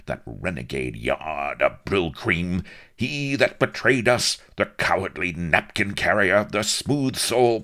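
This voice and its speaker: A man's voice: deep voice, sharp tone, full character voice. A man voicing a blustering, furious old naval admiral who bellows archaic oaths and curses.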